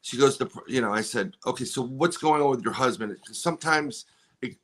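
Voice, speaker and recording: A man's voice: mid-range voice, brisk, fairly bright tone. A man with a mid-range voice, talking as a podcast guest in a casual, rambling way. He restarts his sentences and slips into quoted dialogue as he tells his story.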